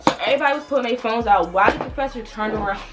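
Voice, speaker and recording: A young woman from the Washington DC area chatting while doing her makeup, telling stories in an animated way and putting on playful voices. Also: on the high side, rapid-fire, over loud music. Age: young adult. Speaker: beauty vlogger. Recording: noisy home recording.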